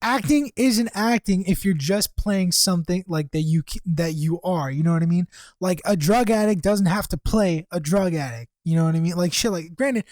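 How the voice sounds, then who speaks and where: A man's voice: sits high, normal speed, no echo. A young man co-hosting a podcast, telling a story in casual chat, swearing freely and acting out what others said. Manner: animated, profane, acts out quotes. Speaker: podcast co-host.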